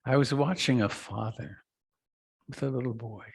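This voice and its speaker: A middle-aged man giving a reflective meditation talk, slow and soft, with long pauses and trailing lines. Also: mid-range voice, husky. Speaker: meditation teacher. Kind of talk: dharma talk.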